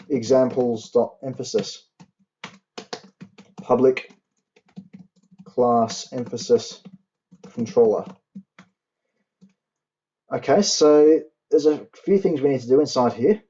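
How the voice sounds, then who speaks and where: In this coding tutorial, the young tutor talks through every line while typing, easing his pace to explain syntax carefully. His medium-pitched voice comes across dark and mellow. The audio is lo-fi and dull, with clicking and keystrokes in the background.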